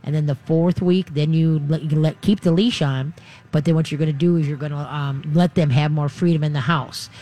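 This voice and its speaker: A man's voice: on the high side, brisk. Chatty, folksy man on talk radio. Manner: chatty, folksy, animated advice-giving. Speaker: radio show host and dog trainer. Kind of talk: radio call-in advice show.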